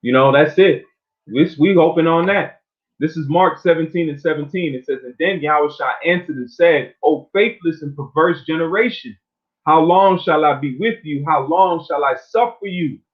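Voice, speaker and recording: A man with a slightly high voice delivers an informal sermon. He reads scripture slowly and then explains it in loose, everyday talk, often tagging "man" onto his lines. The sound is narrow and tinny, like a phone line. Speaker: preacher.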